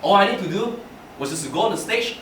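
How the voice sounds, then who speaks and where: Animated young man telling stories, echoey room. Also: sits high, fast talker. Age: young adult. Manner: animated storyteller, laughing through his lines. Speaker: club speaker giving a personal speech. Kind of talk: humorous prepared speech. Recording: echoey room from far off, noisy.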